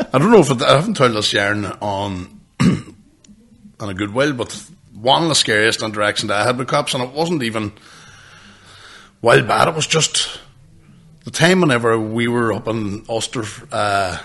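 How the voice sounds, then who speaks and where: A young man on a casual podcast, swapping sweary stories through bursts of laughter. His voice is bright and forward, at a middle pitch. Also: expressive, moderate pace, pauses often. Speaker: podcast co-host. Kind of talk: casual storytelling chat.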